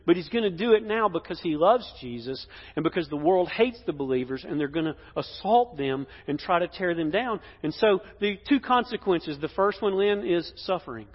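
A pastor preaching a sermon in a church, emphatic, swinging between loud declarations and hushed lines. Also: male voice, high-pitched, expressive, moderate pace, hardly any pauses, breathy edge. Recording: dull echoey hall sound.

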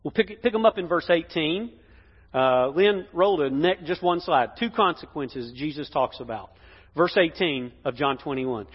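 A pastor preaching a sermon in a church, emphatic, swinging between loud declarations and hushed lines. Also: male voice, fairly high pitch, lively intonation, normal speed, slightly rough. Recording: dull echoey hall sound.

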